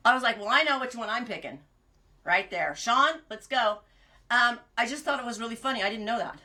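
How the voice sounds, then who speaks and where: A woman's voice: on the high side, animated, fast talker, pushed and bright. A woman hosting a podcast, chatting casually and rambling through stories, laughing at her own jokes. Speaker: podcast host. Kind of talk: casual chat.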